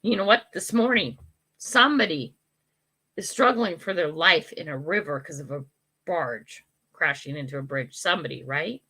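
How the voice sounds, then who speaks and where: An older woman hosts a casual live chat, answering comments as they come in. Her voice sits a little low but sounds bright and forceful, and she talks frankly, laughs easily, and keeps saying sorry. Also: animated, moderate pace. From United States. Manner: chatty, frank, laughs often, apologizes and restarts. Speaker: livestream host.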